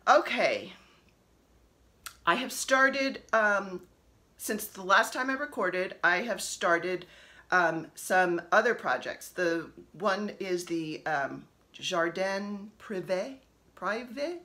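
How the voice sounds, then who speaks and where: Showing her cross-stitch work at home, a woman in her 50s from New Jersey rambles through a casual show-and-tell, laughing frequently. She speaks slowly in a lowish voice with a sharp tone.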